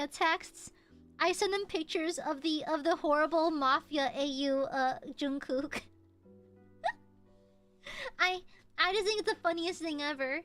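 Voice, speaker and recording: A young woman talks casually to her stream chat in a very high, bright voice. Her pitch swoops up and down as she jokes and giggles. Quiet music plays faintly behind her. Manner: playful, chatty, bursts into giggles and squeals.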